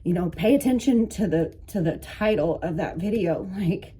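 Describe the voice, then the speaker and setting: A woman speaks in a halting, emotional monologue, stopping and restarting often. Her voice is husky and mellow, with a dark tone. She sounds close to tears throughout. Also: lowish voice, expressive. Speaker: vlogger, coaching. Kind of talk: personal monologue to camera.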